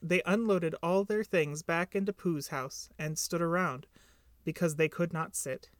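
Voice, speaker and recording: Male podcast reader, gentle storybook narration, dry close sound. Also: on the high side, steady tone, unhurried, dry recording. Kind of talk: storybook reading.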